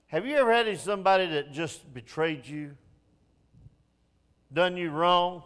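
A man preaching a sermon, dropping to hushed low passages and rising to pleading, raised lines. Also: measured pace, long pauses, clean tone, long reverb tail.

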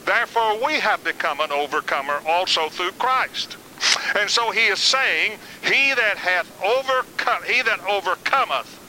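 A man's voice: sits high, bright, forceful tone, a little hiss or hum, low-quality recording. An older man teaching a Bible lesson in a folksy, conversational way, mixing in personal stories.

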